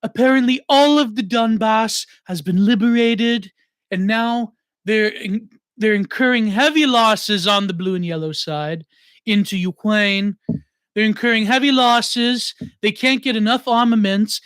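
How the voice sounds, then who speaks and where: A man's voice: sits high, unhurried, fairly bright tone, clean tone, dry recording. A man putting on a mock-solemn impression of a news commentator, reading out war updates in an imitated accent. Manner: mock-serious news delivery.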